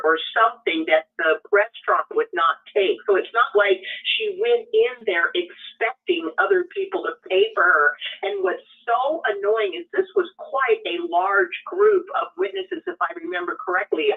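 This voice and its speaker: A woman co-hosting a talk show, speaking in an indignant, emphatic way. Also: a little high. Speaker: co-host. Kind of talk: casual radio talk. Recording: tinny phone line from a distance.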